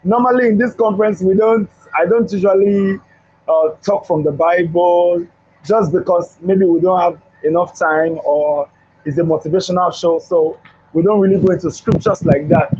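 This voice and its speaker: High husky man preaching motivation. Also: steady tone, moderate pace, darkish tone. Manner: preacherly, repeats phrases for emphasis. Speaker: host. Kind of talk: motivational talk with Bible storytelling. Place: studio. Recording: dull lo-fi recording.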